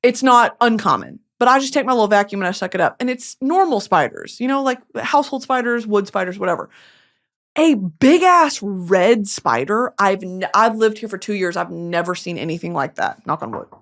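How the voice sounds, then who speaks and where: Her voice is medium in pitch, lively in intonation and moderate in pace. The young woman hosts a chatty, funny podcast monologue, cursing often, adding dramatic asides and doing mock voices.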